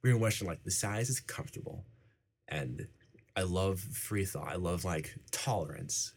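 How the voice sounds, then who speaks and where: A man's voice: sits low, lively intonation, moderate pace, breathy edge. A young man, a university student, answering interview questions casually and rambling with many fillers. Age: young adult.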